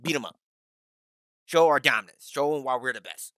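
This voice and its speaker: Bright hyped-up gamer guy. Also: mid-range voice, moderate pace, no room sound. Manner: trash-talking teammates as a mock team boss, hype and yelling. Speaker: gaming YouTuber. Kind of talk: playful rocket league commentary.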